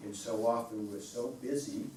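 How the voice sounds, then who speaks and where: A man's voice: mid-range voice, steady tone, normal speed. Man giving a talk, far off in an echoey room. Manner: conversational, asks the audience questions, repeats points. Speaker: wellness presenter. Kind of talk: informal talk to a small group. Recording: roomy, from far off, faint room noise.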